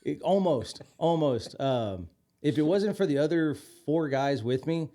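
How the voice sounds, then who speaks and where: A man's voice: fairly high pitch, animated, unhurried, mellow. A man co-hosting a podcast, telling a story in a rambling way with many fillers and restarts. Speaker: podcast co-host. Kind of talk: casual chat, storytelling.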